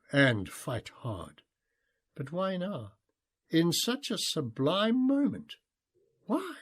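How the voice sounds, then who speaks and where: A man narrating his own memoir as an audiobook, in a heartfelt, expressive way. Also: medium pitch.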